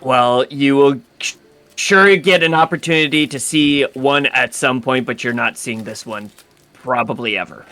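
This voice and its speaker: Slow, bright-voiced man role-playing. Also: medium pitch. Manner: rambling with fillers and restarts. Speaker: player. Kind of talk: in-character tabletop play.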